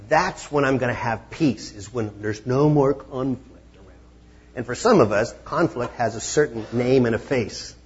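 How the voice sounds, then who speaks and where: A man's voice: mid-range voice, moderate pace, breathy edge, dull audio. A man preaching a conversational sermon as pastor, now and then acting out the disciples. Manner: conversational, acts out voices of the disciples.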